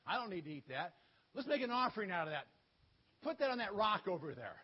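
A brisk, instructive angel in a children's Bible story gives plain directions, as a preacher puts him on. The voice is husky and jumps around in pitch. The sound is dull and lo-fi. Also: male voice, big pitch swings, heavily acted. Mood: matter-of-fact. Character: angel, a brisk male heavenly messenger.

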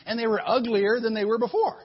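A man telling a Bible story in an animated way, often repeating words as he goes. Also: very high voice, fast, slightly rough. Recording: dull lo-fi recording.

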